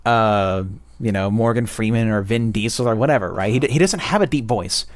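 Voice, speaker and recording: A man's voice: on the low side, brisk, no echo. Blunt rambling male game reviewer. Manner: blunt, profane, many fillers. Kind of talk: casual opinionated monologue.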